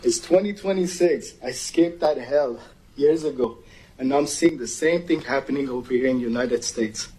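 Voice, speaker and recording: Husky, urgent man testifying from Iran. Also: mid-range voice, moderate pace, dark tone, poor audio. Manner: urgent, emphatic, pleading. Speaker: public commenter. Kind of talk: impassioned public testimony.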